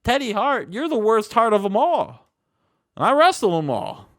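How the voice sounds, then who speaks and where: A dismissive veteran male wrestler , put on by a man, mocks his rivals with sneering questions. The voice is slightly high and lively, rising in scorn. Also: a little slow, no echo, clean studio sound. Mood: scornful.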